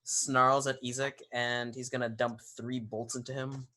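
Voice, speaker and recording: Slow, casual tabletop player. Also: mid-range voice, flat delivery, pushed and bright. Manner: casual, reads out dice rolls. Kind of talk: tabletop game play.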